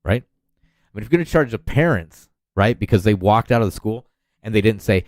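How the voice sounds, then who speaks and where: A man's voice: on the low side, lively intonation, brisk, dry recording. A man in his thirties hosting a podcast, ranting in a profane, rambling, heated way. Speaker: podcast host. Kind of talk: solo rant podcast.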